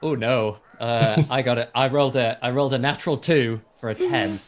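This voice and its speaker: A man's voice: medium pitch, brisk. A British man playing a tabletop game, eager and tripping over his words. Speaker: player.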